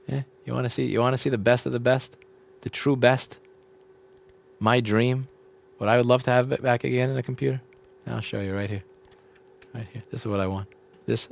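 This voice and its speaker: A man hosting a casual repair livestream, ranting with swearing, swinging from loud outbursts to low mutters. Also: gravelly. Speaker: livestream host, repair technician. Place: repair shop.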